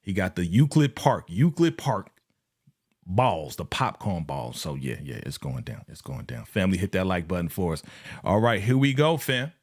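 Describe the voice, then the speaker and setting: The host of a live TV episode review has a low, slightly rough voice and a moderate pace. His talk is casual and slangy, punctuated by laughter, acted-out quotes and direct remarks to viewers.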